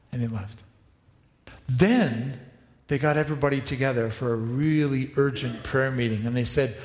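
A man preaching a sermon, animated, acting out quoted voices and making asides to helpers. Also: mid-range voice, normal speed. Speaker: pastor. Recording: echoey hall, reverberant.

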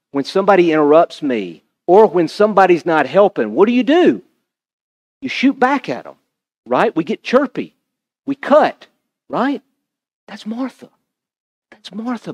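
This high-voiced male pastor preaches at a moderate pace, keeping his sermon lively and conversational with frequent remarks aimed at the congregation.

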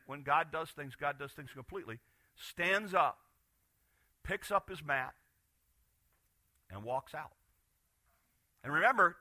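A man preaching a Sunday morning sermon as pastor, retelling a Bible story with animated voices for the people in it. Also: high-pitched, dry recording.

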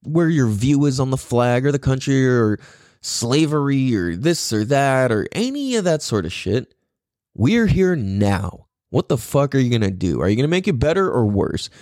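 Man, podcast host, from the united states, profane casual rant, lively swinging pitch, dry close sound. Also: moderate pace, dry recording. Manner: profane, animated, laughs often.

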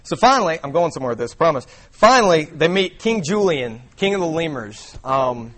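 A man's voice: fairly high pitch, big pitch swings, a little fast, fairly bright tone. A young man preaching a sermon to a congregation in a casual, conversational way with many fillers. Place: church before a congregation.

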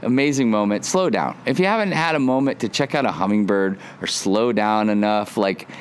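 A man in his forties hosting a casual devotional podcast from his front porch, chatty and excitable with lots of restarts. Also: lowish voice, a little fast, clean tone. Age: 40s. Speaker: podcast host.

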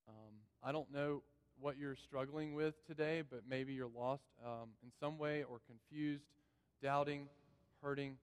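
A man's voice: mid-range voice, fairly even intonation, unhurried, smooth. A man preaching a sermon in a church, earnest and repeating key phrases for emphasis. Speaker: pastor. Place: church sanctuary. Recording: long reverb of a church hall.

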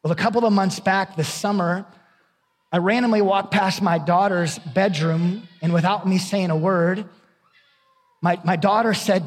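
A man's voice: high voice, measured pace, in a large hall. A middle-aged man preaching a sermon as pastor, candid and conversational, often repeating his words.

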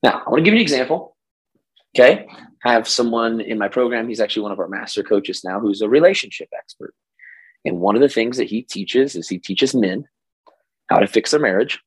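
Hoarse, husky man coaching on a podcast. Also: medium pitch, fairly quick, no echo, rough recording. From Oklahoma. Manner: energetic, stammers on repeated words, jumps into playful voices. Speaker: podcast host and business coach. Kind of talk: casual solo podcast talk.

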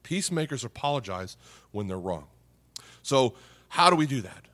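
A middle-aged man preaching a sermon as a pastor, talking conversationally, often tagging points with "okay?" and "right?", and going soft and quiet on serious points. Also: medium pitch, very animated, normal speed. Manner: drops softly on serious points.

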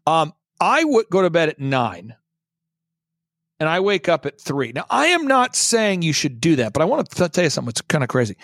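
A man's voice: a little high, big pitch swings, brisk, a bit bright, no room sound, clean studio sound. A man appearing as a guest on a talk show, telling a story in an emphatic, theatrical way and repeating points for emphasis.

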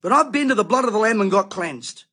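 Middle-aged Aussie preacher, husky edge, fired-up ranting delivery. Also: male voice, high voice, animated, fast talker, sharp tone. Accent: Australian. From Australia. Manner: indignant, ranting, emphatic. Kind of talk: impassioned monologue.

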